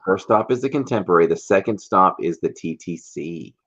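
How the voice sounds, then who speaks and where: Over dull, lo-fi stream audio, a livestream co-host chats casually in a low, expressive, fairly bright voice at a fairly quick clip. He spins teasing stories and laughs a lot.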